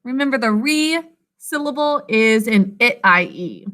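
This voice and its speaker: A woman with a high, bright voice teaches a spelling class. She dictates slowly and deliberately, stretching each word and breaking it into sounds and syllables. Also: animated. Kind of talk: spelling lesson.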